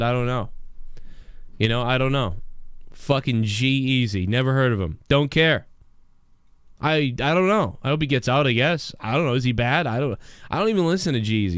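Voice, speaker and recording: A man's voice: medium pitch, smooth, no echo, studio quality. A man hosting a livestream show, ranting in a brash, profane, rambling way. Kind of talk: ranting live commentary.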